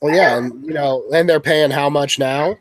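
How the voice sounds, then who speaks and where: A man's voice: on the high side, a little slow, no room sound, poor audio. A man from the Louisville area hosting a casual stream chat, blunt and swearing freely. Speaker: stream host.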